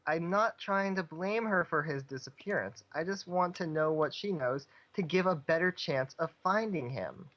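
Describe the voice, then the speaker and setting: Man, tabletop player, earnest, persuasive, higher pitch, muffled sound. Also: moderate pace, few pauses, fairly bright tone. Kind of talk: in-character tabletop play.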